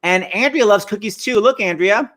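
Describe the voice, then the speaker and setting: A man hosting a show over a video call from home, quick and teasing as he introduces guests. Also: high-pitched, fairly bright tone. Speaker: show host. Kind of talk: casual video-call chat.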